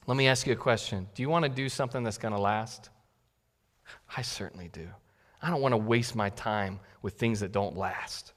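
A man's voice: on the low side, big-room sound. A male pastor preaching a sermon in a conversational way that builds to emphatic peaks. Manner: conversational, warm asides, rising to emphatic peaks.

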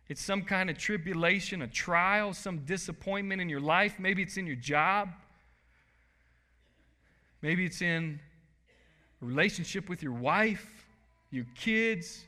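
Bright-voiced preaching man in a reverberant hall. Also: high voice. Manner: dynamic preaching, drops to soft quiet lines then bursts loud. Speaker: pastor. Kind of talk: sermon. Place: church sanctuary.

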